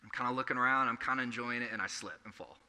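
A man's voice: medium pitch, very fast, pushed and bright. A young man preaching a sermon, earnest and conversational, telling stories from his own life. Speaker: pastor. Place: church hall. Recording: echoey hall.

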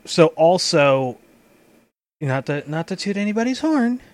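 A man's voice: high voice, very animated, a little slow, no room sound. Rambling man with a dry close sound. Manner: rambling, restarts often, swears casually. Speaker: game master and podcast host. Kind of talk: casual chat.

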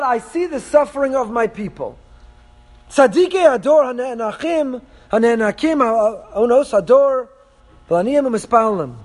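A very high-pitched man leads a text-study lesson, reading passages aloud and translating them line by line. He speaks emphatically and poses rhetorical questions to his listeners. His voice rings with a long hall reverb. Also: a little mellow. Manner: reads source texts aloud then translates them. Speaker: Torah teacher.

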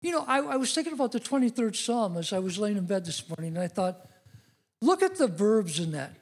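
A man's voice: high-pitched, very animated, brisk, husky. A middle-aged man preaching a sermon, telling personal stories in an earnest way that rises to emphatic declarations.

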